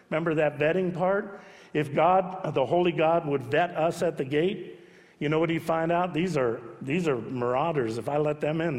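A pastor delivering a sermon in a church sanctuary, his voice sitting a little high for a man. He presses his points hard, then drops into soft, hushed repetition. The sound rings with a long hall echo. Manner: emphatic, swings between loud urging and soft hushed repetition.

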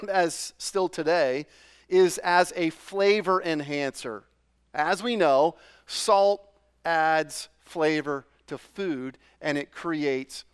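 A man's voice: fairly high pitch, smooth. A middle-aged man from New England preaching a sermon in a loose, conversational way, full of fillers and questions to the congregation. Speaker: pastor.

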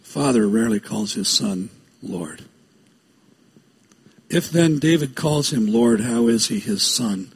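Husky-voiced man preaching a sermon. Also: mid-range voice, animated. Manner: reads scripture aloud with slow, stressed phrasing and quick asides. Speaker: pastor.

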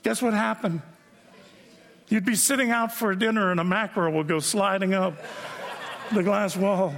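A man's voice: high-pitched, normal speed, a bit bright. A man preaching a sermon as pastor, telling stories in a conversational way and checking in with the congregation with frequent asides. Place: church sanctuary. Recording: long reverb of a large hall.

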